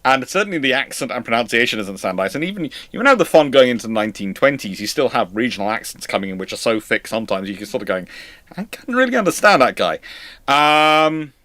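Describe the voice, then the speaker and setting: A man's voice: medium pitch, animated, quick pace, hardly any pauses, a bit bright, no echo. A man hosting a live-stream history lecture, explaining in a conversational, digressive way. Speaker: host.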